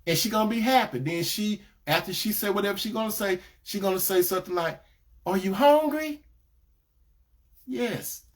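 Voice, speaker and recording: A man with a high-pitched voice talks quickly with few pauses, giving Christian relationship advice in a preaching style. He keeps repeating his points and calls his listeners brothers and sisters.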